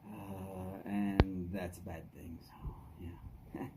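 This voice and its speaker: Slow-drawling man chatting on a live stream. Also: medium pitch, animated, background noise. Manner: drawling, greets viewers by name. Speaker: livestream host. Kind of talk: casual live-stream chat. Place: outdoors at his house.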